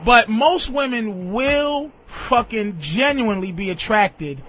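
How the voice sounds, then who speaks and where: A man hosting a call-in radio show, loud, profane and excitable, constantly interrupting. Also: high-pitched, slow. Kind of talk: crude call-in radio banter. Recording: dull lo-fi radio audio, faint hiss.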